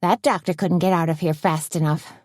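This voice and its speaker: A woman's voice: on the low side, steady tone, a little fast, darkish tone, dry recording, studio quality, lightly acted. A woman reading an audiobook, voicing a brash, anxious woman who scolds her husband in a raised voice. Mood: exasperated. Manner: bossy, exasperated.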